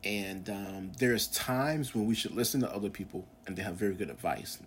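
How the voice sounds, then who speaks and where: Here a podcast host in his forties wanders through a casual, earnest religious monologue, stumbling into fillers and restarting often. He talks at a moderate pace in a lowish voice, with slight hiss or hum in the background.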